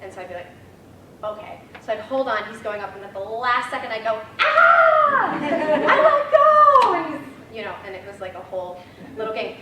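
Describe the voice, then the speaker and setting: A young woman in her twenties shares funny memories at a memorial, chatty and full of fillers. She sounds far from the mic in a roomy, echoing hall. The noisy room is clearly heard behind her. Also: mid-range voice, fast talker, a loud crowd. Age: 20s. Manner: chatty, laughing, storytelling with many fillers. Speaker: granddaughter giving a eulogy. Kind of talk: memorial speech with funny stories.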